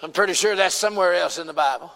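A man's voice: high-pitched, racing, gravelly, a bit bright, long reverb tail. A man with a Southern US accent preaching a sermon, folksy and emphatic, calling out to his congregation.

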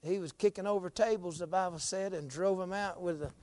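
A high-pitched man preaches a fiery, folksy sermon. He swings from near-murmurs up to ringing shouts. The recording is dry and close. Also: fairly quick, dry recording. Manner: folksy, drops to low murmurs then climbs to shouting.

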